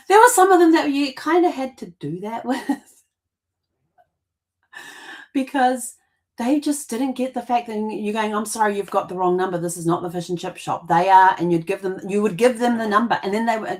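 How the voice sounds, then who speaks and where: A middle-aged woman, hosting a family history show and telling rambling childhood stories with restarts and laughter. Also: a little high. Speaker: genealogy podcast host. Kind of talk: casual storytelling monologue.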